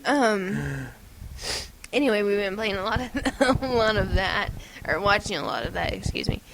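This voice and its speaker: A woman's voice: mid-range voice, big pitch swings, moderate pace, creaky, background noise. Giggly rambling woman podcaster. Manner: giggly, rambling, breaks into silly impressions. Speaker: podcast host. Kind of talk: casual chat.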